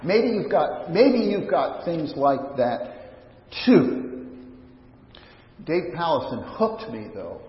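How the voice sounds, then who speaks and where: A man's voice: on the high side, very animated, slow, pauses often. A pastor preaching a sermon in a conversational, searching way, often restarting his sentences, recorded in a church sanctuary. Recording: echoey church hall, dull lo-fi sound.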